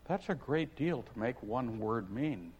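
Read-aloud figure: man doing a soft-spoken, polite, puzzled young girl, lifted voice, muffled lo-fi recording. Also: a little high, very animated, measured pace, voice pushed up. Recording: dull lo-fi recording.

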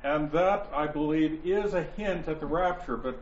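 A man teaching a Bible study class, explaining points deliberately and stressing key words, with listeners answering him. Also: fairly high pitch, a little hiss or hum. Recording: roomy, dull lo-fi sound with faint ambience.

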